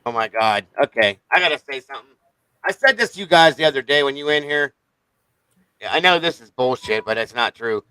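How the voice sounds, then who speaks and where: A man's voice: medium pitch, lively intonation, fairly quick, pushed and bright, clear, resonant tone, no room sound, rough recording. A man hosting a casual livestream chat, talking bluntly and swearing often. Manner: blunt, profane, defensive. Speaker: livestream host.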